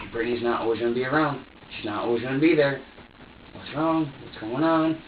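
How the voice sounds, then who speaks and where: In a police interrogation room, a man speaks fast in a mid-range voice, recounting events to detectives in a wandering, repetitive way and playing out his own dialogue. Recorded from afar on a room camera, the sound is echoey and dull, with slight background noise.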